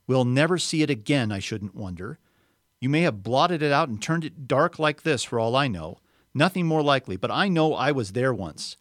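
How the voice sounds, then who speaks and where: A man's voice: mid-range voice, no room sound, studio quality, natural voice. A man reading a story aloud, voicing a stubborn, gloomy male marsh creature who talks short of breath. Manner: stout, breathless, plain-spoken.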